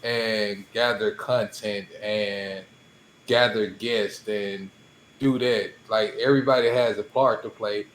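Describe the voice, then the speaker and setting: A man's voice: lowish voice, steady tone, slow, a bit bright, echoey room, a little hiss or hum, rough recording. A man co-hosting a podcast in casual chat, speaking modestly and calling his own voice weak. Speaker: podcast co-host.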